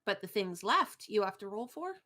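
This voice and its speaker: A woman's voice: medium pitch, sing-song, moderate pace, sharp tone. A woman playing a tabletop game, casual and enthusiastic, swearing freely. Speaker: player.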